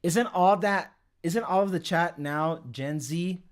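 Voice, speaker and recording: Speaking slowly in a voice on the high side, a young streamer hosts a casual livestream. He reads the chat and chats with viewers, rambling, swearing and laughing often.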